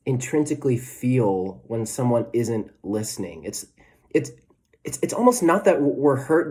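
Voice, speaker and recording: Mellow-voiced young male pastor, chatty. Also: medium pitch. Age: 20s. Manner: conversational, self-deprecating, frequent restarts and "right?" tags. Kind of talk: sermon.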